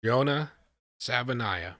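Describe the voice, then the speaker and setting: A man hosting a live stream, reacting with excitement and talking to his chat, often repeating himself. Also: medium pitch, slow, dry recording, clean studio sound. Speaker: livestream host reacting to a draft.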